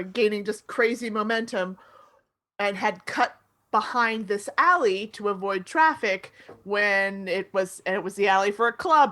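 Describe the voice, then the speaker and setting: A woman's voice: on the high side, fairly bright tone. A woman co-hosting a podcast, telling a story in casual chat and laughing often as she talks. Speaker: podcast co-host.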